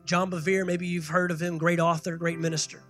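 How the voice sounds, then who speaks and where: A pastor preaching a sermon, building to loud emphatic peaks and calling for the congregation to respond. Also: male voice, fairly high pitch, little pitch movement, brisk, faint music behind. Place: church sanctuary.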